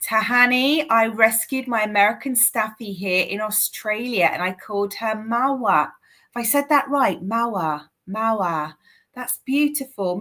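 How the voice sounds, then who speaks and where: A woman's voice: medium pitch, bright, forceful tone. Chatty woman with a Southwest English accent. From Southwest England. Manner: chatty, calls viewers darling and sweetheart. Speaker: medium. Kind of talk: live-stream mediumship session.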